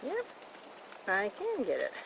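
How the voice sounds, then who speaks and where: A woman's voice: mid-range voice, huge pitch swings, takes it slowly, creaky. An older woman, a grandmother, chatting casually while filming a walk outdoors with a camcorder. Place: outdoors in the countryside. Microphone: handheld camcorder. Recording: noisy outdoor camcorder audio. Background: crickets and insects.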